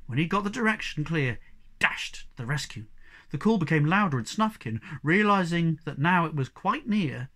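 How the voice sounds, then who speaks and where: A man reads a children's storybook aloud in an expressive, animated voice. His tone is bright and slightly high, and it rises and falls a lot. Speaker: narrator. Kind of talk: storybook reading.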